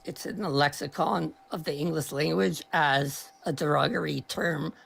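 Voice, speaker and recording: Brief: adult woman caller, gravelly, losing her voice, argumentative, interrupts constantly. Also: sits low, moderate pace, fairly bright tone. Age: older than 30. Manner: argumentative, talks over the host. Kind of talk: heated political argument.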